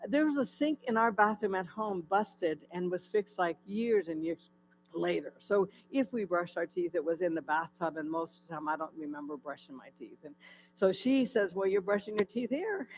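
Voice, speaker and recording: A woman's voice: lowish voice, normal speed, a little hiss or hum, low-quality recording. A woman giving her personal testimony at a church in a candid, conversational storytelling way. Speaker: guest speaker sharing her testimony.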